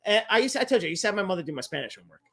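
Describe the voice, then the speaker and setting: Animated, profane male livestream host. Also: high-pitched, very fast. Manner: animated, profane, lots of quoted dialogue. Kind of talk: casual storytelling chat.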